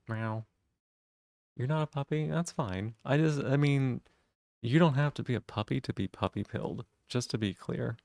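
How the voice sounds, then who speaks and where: A man's voice: mid-range voice, creaky, darkish tone, dry recording, clean studio sound. A man live-streaming, chatting casually with viewers in a teasing way and swearing freely.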